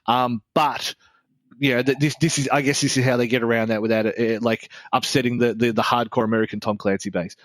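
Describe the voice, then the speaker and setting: A man's voice: mid-range voice, steady tone, dry recording. Blunt Australian man, dry close sound. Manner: blunt, swearing, fast rambling with many restarts. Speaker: podcast co-host. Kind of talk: casual chat.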